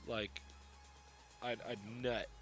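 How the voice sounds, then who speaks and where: A man bantering crudely on a call with a friend, teasing and swinging between loud and quiet. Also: mid-range voice, little pitch movement, takes it slowly, soft background music. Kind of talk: casual banter.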